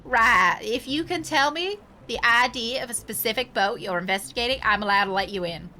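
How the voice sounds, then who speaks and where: A woman's voice: on the high side, brisk, pushed and bright. Woman doing a fussy, formal harbor guard man. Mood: officious. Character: stiff male harbor club guard, fussy.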